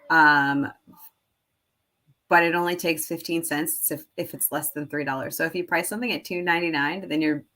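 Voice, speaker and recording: Rambling woman with a lowish voice. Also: fairly bright tone. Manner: rambling, filler-heavy, laughs at herself. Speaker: teacher and online seller. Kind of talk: casual screen-share tutorial.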